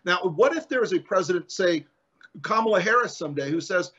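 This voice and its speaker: Measured male guest on a muffled line. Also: high voice, animated, fairly bright tone. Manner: measured, argumentative. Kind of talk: debate. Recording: dull, muffled remote line.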